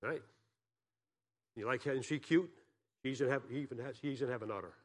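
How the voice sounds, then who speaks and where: A man's voice: medium pitch, fairly quick, noisy background. A man from Massachusetts giving a guest sermon as a pastor, telling folksy, joking stories and asking the congregation questions.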